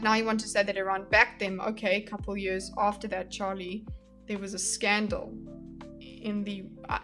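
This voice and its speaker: A woman's voice: medium pitch, little pitch movement, normal speed, a bit bright, soft background music. A woman streamer giving casual commentary on a debate clip, thinking aloud with many fillers and restarts and replying to her live chat. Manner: reads and answers live chat.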